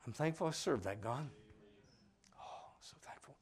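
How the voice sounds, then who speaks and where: A man preaching a sermon, emphatic and full of questions to his listeners, swinging between loud declarations and hushed asides. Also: mid-range voice, animated, a little slow.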